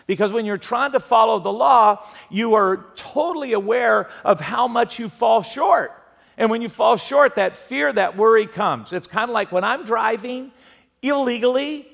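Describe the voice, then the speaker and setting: A man's voice: sits high, creaky, in a large hall. A man pastor giving a sermon in a conversational way, mixing humorous stories into his preaching.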